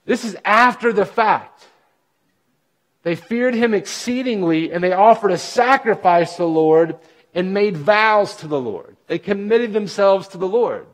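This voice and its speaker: A man preaching a sermon, reading scripture aloud and explaining it with emphatic bursts and quiet asides. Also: high-pitched, lively intonation, unhurried. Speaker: pastor.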